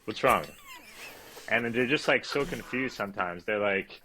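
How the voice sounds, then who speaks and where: A man speaks in a lowish voice with a sharp, bright edge. He is a referee guest in a relaxed interview, calm and reflective, often breaking into easy laughter. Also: moderate pace, slight background noise, poor audio. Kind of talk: casual interview chat.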